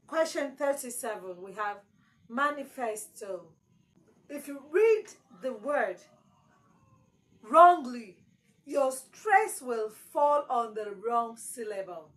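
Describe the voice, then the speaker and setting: A woman's voice: a little high, poor audio. A woman teaching an exam-prep English lesson, repeating key words for emphasis.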